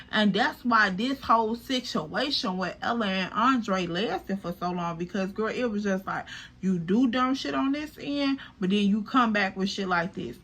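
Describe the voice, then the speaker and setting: Woman telling a story casually, bright voice, talks to viewers like a friend. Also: medium pitch. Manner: animated, chatty, profane, addresses viewers as girl. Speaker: storytime vlogger.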